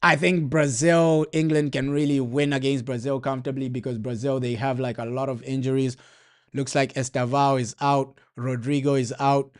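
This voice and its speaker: A man's voice: mid-range voice, flat delivery, moderate pace, clean tone. A man streaming a football watchalong, talking casually in heavy slang and ranting over and over about his team's manager. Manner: slangy, repetitive, frustrated ranting. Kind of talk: casual live match commentary.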